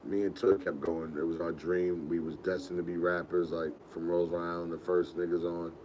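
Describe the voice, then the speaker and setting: A man's voice: low-pitched, flat delivery, a little fast, darkish tone, a little hiss or hum, rough recording. A young man, hosting a podcast and telling rambling, laid-back stories with laughs. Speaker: podcast host. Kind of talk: casual storytelling.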